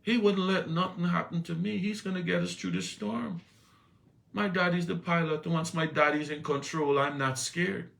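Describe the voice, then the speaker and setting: A man voicing a calm little boy who trusts that he is safe. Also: fairly high pitch, normal speed, gravelly, voice pushed up. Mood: confident. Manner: steady, sure.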